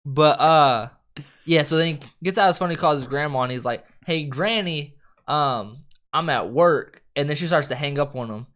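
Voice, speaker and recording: A man's voice: fairly high pitch, normal speed. A man co-hosting a casual film review chat, retelling scenes with acted-out quotes, swearing and laughing often. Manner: animated retelling, acts out quoted lines.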